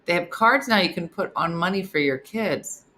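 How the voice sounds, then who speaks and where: A woman comedian chatting casually to viewers, retelling funny videos with lively put-on voices. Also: normal speed. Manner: animated, acts out funny videos in high squeaky voices. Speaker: comedian hosting a live morning stream. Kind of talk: casual chat reading comments.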